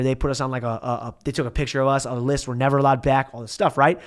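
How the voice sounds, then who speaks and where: A young man in his twenties tells a story as a podcast guest, loose and slangy. He acts out what everyone said with lively energy. His voice sits at an ordinary middle pitch. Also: quick pace. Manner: animated, slangy, acts out quotes. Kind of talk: casual storytelling.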